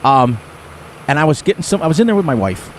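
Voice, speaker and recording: A man's voice: a little high, sing-song, quick pace, slight background noise. A middle-aged man chatting to his viewers during a live game stream. He rambles in a folksy way and laughs often. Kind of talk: casual rambling chat to viewers.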